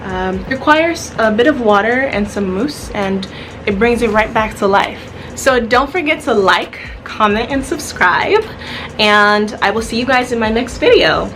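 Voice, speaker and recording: A woman giving a relaxed, chatty hair tutorial as a vlogger, with frequent filler sounds. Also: fairly high pitch, measured pace, soft background music. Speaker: beauty vlogger. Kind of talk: casual tutorial narration.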